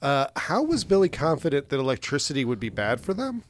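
Lively jokey man in movie chat. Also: medium pitch, fast. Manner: jokey, laughs a lot, wry asides.

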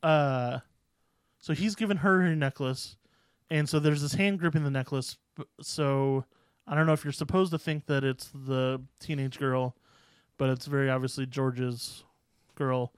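A man co-hosting a podcast, recapping a film in a rambling, self-correcting, animated way. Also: mid-range voice, a little slow, clear, resonant tone, dry recording, clean studio sound. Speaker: podcast co-host. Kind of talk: casual chat.

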